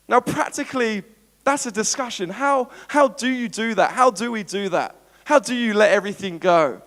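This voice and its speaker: An Australian man preaching a sermon as pastor, animated and playful, acting out everyday scenes. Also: high voice, normal speed. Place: church auditorium. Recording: long church hall reverb.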